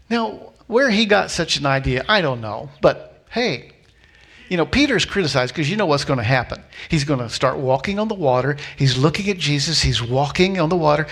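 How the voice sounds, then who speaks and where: A man preaching a sermon as a pastor, telling a story with lively acted-out voices and repeating key lines slowly for emphasis. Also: fairly high pitch. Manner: animated storytelling, acting out voices of people in the story.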